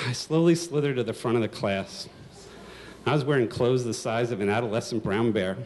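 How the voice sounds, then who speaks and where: A man's voice: medium pitch, moderate pace, noisy background. A man in his sixties telling a comic, self-mocking story live on stage.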